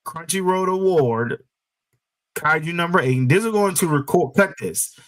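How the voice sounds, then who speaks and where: A man's voice: a little high, animated, normal speed, a bit bright, rough recording. A man hosting a casual chat show, emphatic and opinionated, repeating his points for stress. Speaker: show host.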